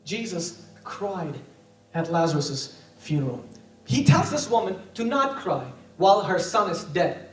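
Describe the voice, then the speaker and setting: Male pastor, sermon, emotive, hushed to raised, distant mic, echoey church. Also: extremely high pitch. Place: church sanctuary. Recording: echoey church hall from a distance, soft music.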